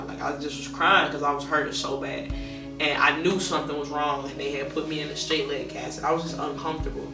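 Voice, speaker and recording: A woman's voice: deep voice, sharp tone, a little hiss or hum. A young woman in a documentary interview, casually recounting a personal story with lots of fillers and restarts. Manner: casual, rambling, many fillers. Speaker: documentary subject. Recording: roomy, distant mic, music underneath.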